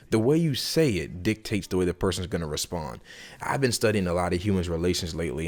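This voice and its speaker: A man hosting a gaming video who gives casual, emphatic advice straight to his viewers, repeating his points and calling them y'all. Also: low voice. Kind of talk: casual advice vlog to camera.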